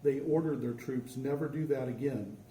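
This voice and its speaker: A man's voice: medium pitch, moderate pace, mellow. A man in the audience adding a comment from the floor during a talk. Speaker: audience member. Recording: distant, echoey room, faint noise.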